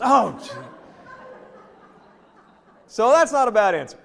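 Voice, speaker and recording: A man from the American South giving a jokey, animated leadership presentation and talking straight to the audience in a hotel event hall. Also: high-pitched, normal speed, vocal fry, long pauses. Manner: lively, jokey, addresses the audience directly. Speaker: leadership speaker. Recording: long reverb in a hotel hall.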